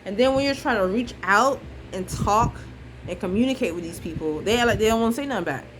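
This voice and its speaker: A woman's voice: mid-range voice, animated, fast, slight background noise, poor audio. A young woman venting on a vlog, frustrated and blunt, repeating herself and swearing freely. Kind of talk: emotional casual monologue.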